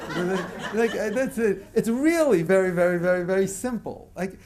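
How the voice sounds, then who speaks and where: An older man from the United States speaks in a fairly high voice, giving a lecture to a live audience. He tells stories with frequent chuckles and leads the crowd in group chants. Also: moderate pace, noisy background. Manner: chuckles often while telling stories. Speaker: motivational speaker.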